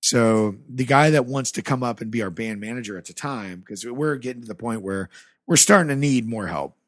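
A podcast guest from the American Rust Belt tells his story loosely and casually, cursing freely and playing both parts of old conversations. His voice is average in pitch and a little fast, caught on a close, dry mic with no room sound.

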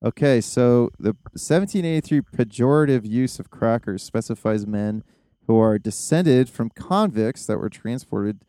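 Rambling podcast host, smooth mellow voice. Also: male voice, mid-range voice, unhurried, dry recording. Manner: rambling, excitable, many fillers. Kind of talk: casual chat.

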